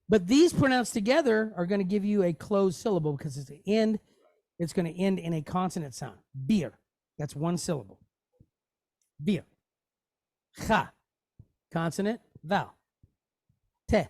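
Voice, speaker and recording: A man teaching a Hebrew lesson in a relaxed, conversational way, often checking in with his listeners. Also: high voice, no room sound, clean studio sound. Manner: conversational, checks in often with "okay?" and "you know". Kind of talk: casual teaching, explaining on screen.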